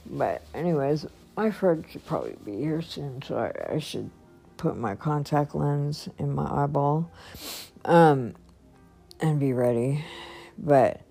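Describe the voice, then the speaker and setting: Slow-talking chatty woman vlogger. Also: sits low, vocal fry, warm tone. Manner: chatty, rambling, laughs often, faith-filled. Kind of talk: casual personal vlog.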